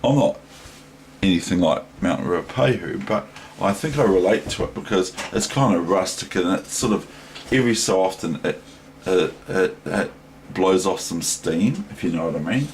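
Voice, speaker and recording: A man's voice: low voice, animated, normal speed, slight background noise. A man from New Zealand with a New Zealand accent, giving a casual chess lesson in a rambling, digressive way, thinking aloud. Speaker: chess teacher.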